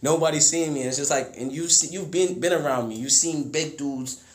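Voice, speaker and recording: A young man telling a story in casual, slangy chat. He acts out the people in his story by jumping into a much higher, louder voice. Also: fairly quick, echoey room. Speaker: podcast guest telling a story.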